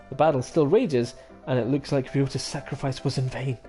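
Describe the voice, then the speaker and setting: A man streaming a visual novel, reading it aloud with animated, laughing asides. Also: medium pitch, brisk, soft background music.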